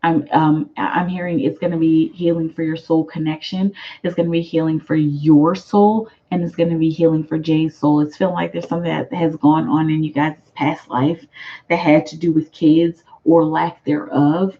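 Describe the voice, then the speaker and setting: A woman's voice: low-pitched, flat delivery, normal speed, highs cut off. An American woman giving chatty live tarot readings, reading viewer comments aloud and laughing often. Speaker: tarot reader.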